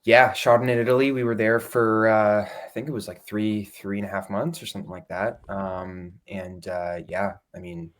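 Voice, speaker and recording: A Canadian man, an actor guest, chatting in a laid-back interview manner, often trailing off softly. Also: on the low side, little pitch movement, normal speed, hardly any pauses. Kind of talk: casual interview chat.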